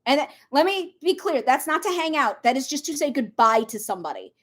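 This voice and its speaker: High-voiced woman rambling. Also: fairly quick. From Minnesota. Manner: rambling, animated, full of side tangents. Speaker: tarot reader. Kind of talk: casual livestream chat.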